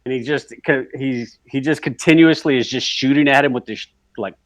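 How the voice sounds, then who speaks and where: A man's voice: mid-range voice, normal speed, no room sound. A man co-hosting a casual movie podcast, hesitant with fillers and dry quips. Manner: hesitant, filler-heavy, dry one-liners. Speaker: podcast co-host. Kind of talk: casual movie review chat.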